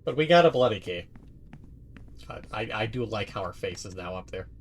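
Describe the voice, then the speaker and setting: A man's voice: fairly low pitch, expressive, brisk. A man streaming a video game, chatting casually and swearing freely as he rambles. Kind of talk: casual let's-play commentary.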